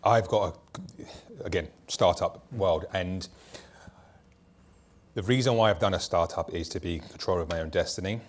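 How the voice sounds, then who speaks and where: A man's voice: low voice, moderate pace. A man who founded a startup, speaking bluntly and telling stories from his own work on a conference panel. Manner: blunt, anecdotal, talks in long loose runs. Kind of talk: candid panel discussion.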